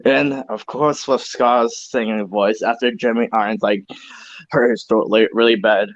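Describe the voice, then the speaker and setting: A young man co-hosting a casual podcast chat, relaxed and chatty with loose asides. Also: lowish voice, normal speed, no room sound. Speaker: co-host. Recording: dull lo-fi recording.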